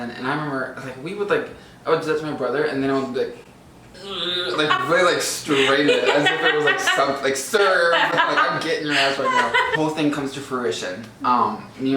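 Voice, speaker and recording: A man's voice: mid-range voice, reverberant, distant mic, noisy background. A young man, co-host of a casual chat, telling childhood stories and acting out the voices in them. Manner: animated storyteller, acts out quotes.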